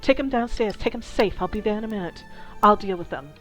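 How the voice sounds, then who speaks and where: A woman's voice: medium pitch, animated, fast talker, a bit bright, faint music behind, close to an everyday voice, poor audio. A woman voicing a fiery, short half-elf innkeeper who swears and gives brusque orders. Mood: commanding.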